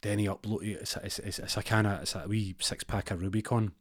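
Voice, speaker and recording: Scottish man, low voice, rambling comic storyteller, deadpan asides, dry close sound. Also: brisk, husky, no echo.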